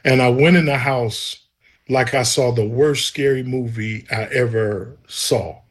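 Husky man telling a testimony. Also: mid-range voice, measured pace. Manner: earnest, vivid storyteller who acts out dialogue. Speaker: guest sharing a faith testimony. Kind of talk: personal testimony storytelling.

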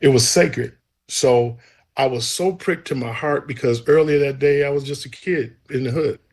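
A man's voice: medium pitch, normal speed, darkish tone. A man telling his personal faith testimony in an earnest, vivid way, acting out the dialogue as he goes. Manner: earnest, vivid storyteller who acts out dialogue. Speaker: guest sharing a faith testimony.

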